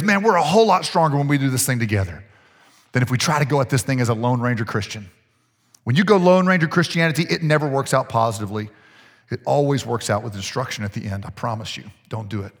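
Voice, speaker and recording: A man preaching a sermon as pastor, energetic and coaxing, repeating key phrases to his congregation. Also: mid-range voice, fast. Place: church hall. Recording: echoey church hall with long reverb.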